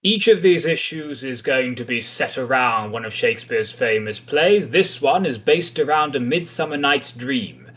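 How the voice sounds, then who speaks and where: A man's voice: medium pitch, lively intonation, normal speed, few pauses, fairly bright tone. A man hosting a podcast, talking through a comic in a chatty, thoughtful and mildly wry way. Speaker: podcast host. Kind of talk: casual podcast discussion.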